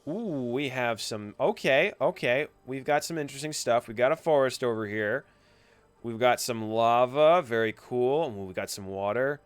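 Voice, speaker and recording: A man's voice: medium pitch, normal speed, smooth, no room sound. A young man giving a screen-recorded tutorial, narrating each click with chatty, playful asides. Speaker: coding instructor.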